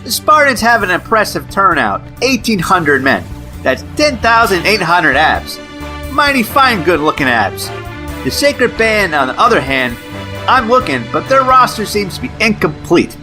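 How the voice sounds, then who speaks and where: A man's voice: sits high, sing-song, normal speed, music in the background. A man playing a brash male sports-network anchor in a mock sports broadcast, with punchy announcer patter. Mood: hyped.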